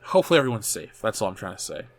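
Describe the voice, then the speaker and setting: A man in his thirties hosting a loose, unscripted talk show and answering his viewers' comments. His delivery is animated and peppered with swearing, with frequent restarts as he corrects himself. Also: on the low side, rapid-fire, gravelly. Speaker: show host reading live chat. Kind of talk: casual chat.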